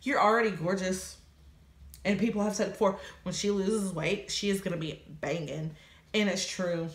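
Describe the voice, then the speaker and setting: A woman's voice: mid-range voice, fairly even intonation, moderate pace. A woman answering questions in a couple vlog, speaking earnestly and openly about her relationship. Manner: earnest, open, reflective. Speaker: vlogger's partner. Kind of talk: candid couple Q&A chat. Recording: roomy echo.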